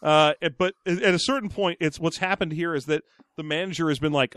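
A man co-hosting a podcast, talking casually and deadpan about a film, with a lot of rambling restarts. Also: a little high, brisk, no room sound, clean studio sound. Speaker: podcast co-host. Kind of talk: casual chat.

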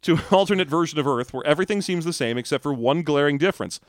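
A man's voice: fairly high pitch, lively intonation, rapid-fire, no echo, clean studio sound. A man co-hosting a comedy podcast, joking and laughing often as he reads listener questions. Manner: jokey, laughs often, slips into silly voices. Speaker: podcast co-host. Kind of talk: casual comedic chat.

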